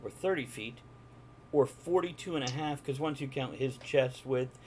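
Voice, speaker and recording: Guy game-mastering a live stream, chatty and jokey, mid-pitched voice, faint hiss behind. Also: moderate pace, darkish tone. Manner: chatty, jokey, talks to viewers in between.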